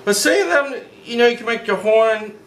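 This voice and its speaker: A man hosting a drawing tutorial from home, talking in an excitable, rambling, hyper way. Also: extremely high pitch, moderate pace, slight background noise. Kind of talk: casual drawing lesson. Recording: echoey room.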